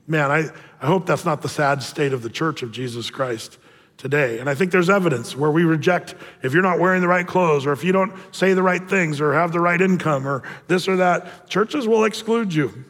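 A man's voice: a little high, normal speed, a bit bright, in a large hall. A man preaching a casual sermon as pastor, telling jokey stories with lots of restarts. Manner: casual, joking storyteller with many restarts. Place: church auditorium.

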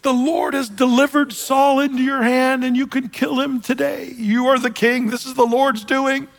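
A man's voice: very high voice, little pitch movement, moderate pace, vocal fry, big-room sound, voice pushed up. A man voicing an eager male soldier, urging his leader in a pleading, urgent way.

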